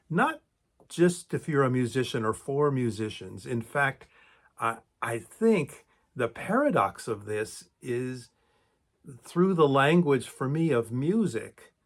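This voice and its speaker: A middle-aged man with a mid-pitched voice speaks thoughtfully to his camera as the host of his own channel. He often restarts sentences and repeats words while searching for the right phrasing. His pitch lifts brightly on the words he wants to stress. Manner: thoughtful, with lively rises in pitch on key words. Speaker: creator and host of a video channel. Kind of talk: reflective solo talk to camera.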